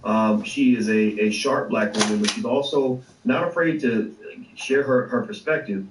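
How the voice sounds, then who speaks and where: Talking at a normal speed with a mid-range voice, this online show host swears freely and keeps stumbling through fillers and restarts on a casual livestream. His distant mic picks up an echoey room and slight background noise.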